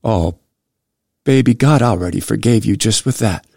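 A man voicing a gentle, forgiving grandmother. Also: fairly low pitch, normal speed, creaky, no echo, studio quality. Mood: tender forgiving. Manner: soft, tender, calls the boy baby. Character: kind older grandmother, gently forgiving, devout.

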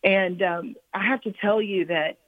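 A woman author giving a reflective, halting personal testimony as a guest on a radio interview. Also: mid-range voice, no echo. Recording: phone line, dry.

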